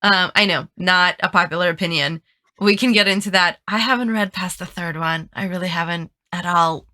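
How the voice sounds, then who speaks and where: Congested woman with a bright voice. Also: on the low side, fairly even intonation, normal speed. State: congested from allergies. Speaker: podcast co-host. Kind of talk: casual chat.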